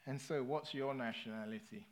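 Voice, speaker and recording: A man's voice: medium pitch, normal speed, slight background noise. A British man preaching a sermon in a conversational way, often checking in with his listeners. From Britain. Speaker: pastor.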